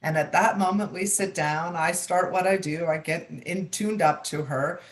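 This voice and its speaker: A middle-aged woman with a somewhat low voice hosts a live show from a video call. She tells personal stories in a lively way, acting out what people said, and she invites her audience to join in. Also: moderate pace. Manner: animated storyteller, acts out quotes. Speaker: host, psychic medium.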